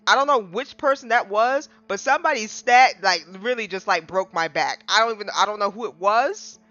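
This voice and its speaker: A gaming streamer casually recapping a game, excitable, with dramatic restarts and big jumps in pitch. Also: a little fast, no echo. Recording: slightly dull lo-fi mic with faint music.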